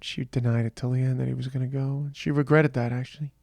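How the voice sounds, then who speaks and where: A man hosting a podcast, talking slowly and reflectively in a tired, halting personal monologue. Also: mid-range voice, flat delivery, creaky, a little mellow, no room sound. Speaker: podcast host.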